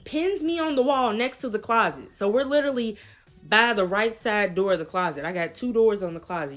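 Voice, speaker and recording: A young woman vlogger telling a lively storytime in casual slang, acting out what people said. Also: mid-range voice. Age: young adult. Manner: animated, slangy storytelling with quoted voices. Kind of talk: storytime vlog.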